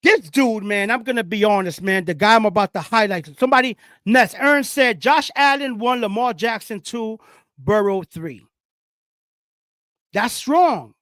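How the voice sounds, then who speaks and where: A man hosting his own football talk show, speaking casually and excitedly, preaching to viewers and whooping as he hypes his segments. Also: sits high, measured pace, no room sound, clean studio sound. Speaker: sports show host. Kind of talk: casual sports talk monologue.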